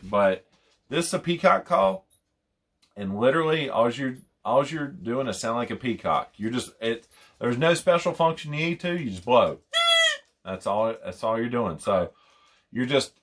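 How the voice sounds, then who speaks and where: A man's voice: mid-range voice, very animated, normal speed, a bit bright. A young man casually explaining hunting calls, rambling and repeating himself as he demonstrates. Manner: rambling, repeats phrases, imitates owl hoots. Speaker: hunting call instructor.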